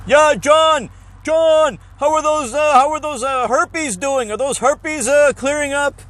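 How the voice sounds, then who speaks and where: A man imitating a loud, jovial, tactless male doctor who shouts cheerfully. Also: extremely high pitch, measured pace, dry recording, pitched above the performer's own voice. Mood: booming jovial.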